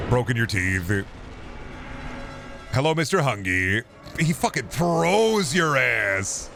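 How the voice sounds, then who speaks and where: A man's voice: medium pitch, big pitch swings, takes it slowly, gravelly, pauses often, over music. A young man casually commenting on a game he is playing, joking, swearing freely and rambling to his chat. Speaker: streamer.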